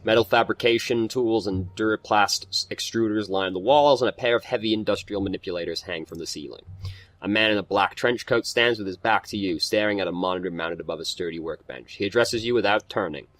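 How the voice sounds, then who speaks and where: A man's voice: fairly low pitch, brisk, fairly bright tone. A man hosting a let's play, chatting casually, swearing, and reading game text aloud while stumbling over some words.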